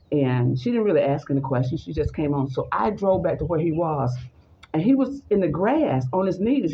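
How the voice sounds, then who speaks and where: A woman's voice: low-pitched, lo-fi sound, a little hiss or hum. A woman telling a personal story in conversation, acting out the voices of the people in it. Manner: animated, acts out the voices in her story.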